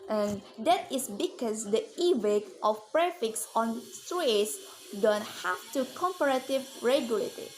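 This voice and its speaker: Slow, careful woman with a higher voice. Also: darkish tone, slight background noise, poor audio. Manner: slow, careful, with many repeated "okay"s. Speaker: student presenter. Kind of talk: reading a lesson on English word stress.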